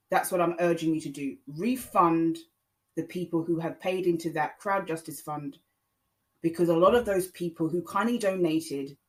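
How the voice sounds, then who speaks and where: A woman's voice: sits low, low-quality recording. A woman hosting a podcast, talking casually and earnestly, repeating her points and pleading with her listeners. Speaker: podcast host. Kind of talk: casual opinion monologue.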